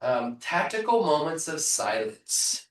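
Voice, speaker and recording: A man coaching real estate agents in a live training, punchy and energetic, often asking rhetorical questions over a video call. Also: fairly high pitch, takes it slowly. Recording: echoey room, voice far from mic.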